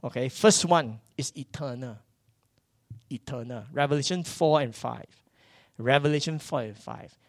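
A man, preaching a sermon that swings from loud bursts to hushed asides. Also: medium pitch, measured pace, no echo, clean studio sound. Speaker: pastor.

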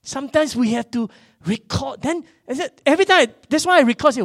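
A man, preaching a sermon that swings from loud bursts to hushed asides. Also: extremely high pitch, big pitch swings, fast, dry recording, studio quality. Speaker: pastor.

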